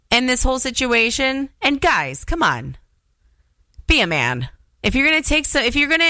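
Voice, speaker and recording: A woman's voice: fairly high pitch, bright, forceful tone, no room sound. A woman in her thirties, a radio DJ ranting sarcastically on air from the studio.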